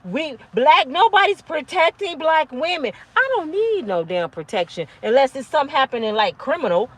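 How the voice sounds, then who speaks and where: A woman in her fifties giving a blunt, profane, preachy monologue to camera, yelling at times. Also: high voice, big pitch swings, moderate pace, dry recording. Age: 50s. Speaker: motivational vlogger.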